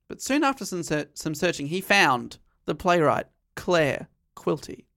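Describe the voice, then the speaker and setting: A podcast host with a medium-pitched, slightly bright, very animated voice speaks a little slowly while casually recapping a novel's plot. She laughs often as she recounts the story and reads out quoted passages.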